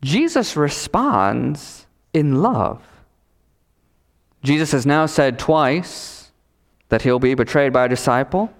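A male pastor preaching a sermon, emphatic, with repetition and dramatic pauses. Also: medium pitch, sing-song. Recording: reverberant hall.

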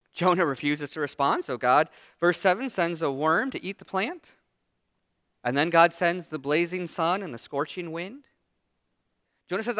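Man, pastor preaching a sermon, high lively voice, bright tone, dry close sound. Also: normal speed, long pauses, dry recording. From United States. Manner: animated preaching, acting out Jonah's complaints in a raised voice.

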